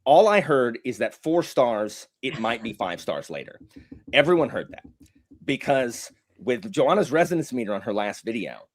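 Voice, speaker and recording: A man's voice: mid-range voice, big pitch swings, normal speed. A man hosting a mock courtroom chat, teasing and playfully theatrical. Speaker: host.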